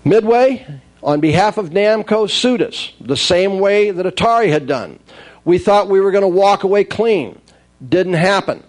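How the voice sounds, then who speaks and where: A man telling wry, lively stories from his career in the toy business, acting out the dialogue as he goes. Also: sits high, measured pace. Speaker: speaker recounting his toy industry career. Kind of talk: anecdotal storytelling talk.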